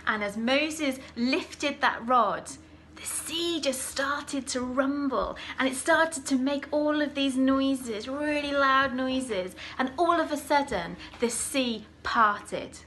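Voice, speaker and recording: A woman leads a children's church session, telling a Bible story with lively, dramatic emphasis. Her voice sits a little high, with a faint hiss in the background. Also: slow.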